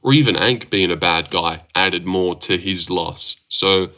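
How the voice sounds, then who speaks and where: A man's voice: deep voice, unhurried, bright, forceful tone. A young man hosting a casual livestream, reading chat aloud and joking around with plenty of swearing. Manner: sweary, joking, laughs often.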